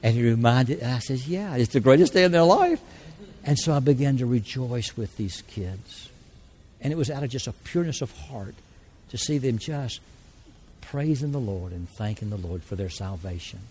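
Male preacher, mellow tone, folksy earnest storyteller, church service. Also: mid-range voice, normal speed, husky. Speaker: church speaker. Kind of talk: sermon with altar call and mission stories.

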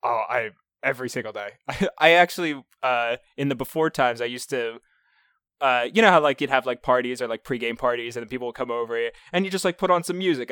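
Smooth-voiced man rambling in casual chat. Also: medium pitch, fairly bright tone, dry recording, studio quality. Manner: rambling, stumbles and restarts, laughs often.

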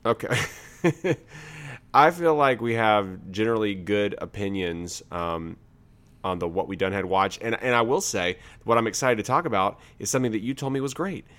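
A man's voice: on the low side, expressive, normal speed, a bit bright. A man hosting a podcast, chatting casually in a jokey, rambling way. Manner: jokey, rambling, breaks into laughter. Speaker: podcast host. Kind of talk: casual chat.

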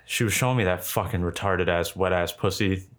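Low-voiced young man telling a rambling story. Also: steady tone, a little fast, a bit bright. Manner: rambling, profane, many fillers. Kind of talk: casual storytelling chat.

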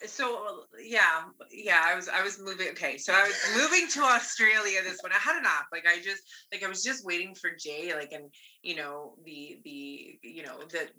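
A woman with a very bright, sharp voice tells her own story openly and earnestly. She talks in a loose, conversational flow and keeps tagging her sentences with a quick "right?" to draw the listener in. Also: on the low side, low-quality recording. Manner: candid, earnest, often ends with "right?". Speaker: guest. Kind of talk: personal storytelling.

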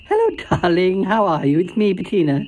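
A woman's voice: fairly low pitch, huge pitch swings, fairly quick, a little mellow, rough recording. A woman voicing a genteel caller in a comedy audio drama, who calls everyone darling and dear. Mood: fond. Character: genteel, fond woman calling on the phone.

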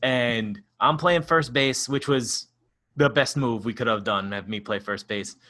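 A man's voice: medium pitch, a little slow, pushed and bright. A man co-hosting a podcast in casual chat, telling rambling stories with frequent laughs and swearing. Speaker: podcast co-host.

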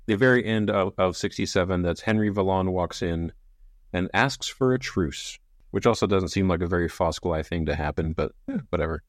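A man co-hosting a casual book podcast, wry and quick to laugh as he retells scenes. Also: deep voice, no room sound, clean studio sound. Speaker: podcast co-host. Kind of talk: casual book-club chat.

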